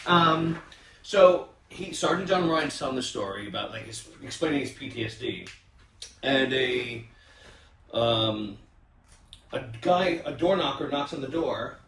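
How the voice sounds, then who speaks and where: A man tells stories in a loose, animated way, stopping to restart and filling gaps with ums. He sits some distance from the mic in a room that echoes. He hosts a casual round-table chat. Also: mid-range voice, measured pace, slight background noise. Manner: animated storyteller with many restarts and fillers. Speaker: podcast host.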